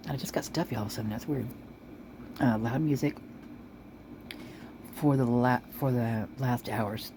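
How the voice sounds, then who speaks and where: A woman's voice: extremely low pitch, background noise. A woman chatting casually and rambling as she reads out local police reports, at times chewing while she talks. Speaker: vlogger reading police reports.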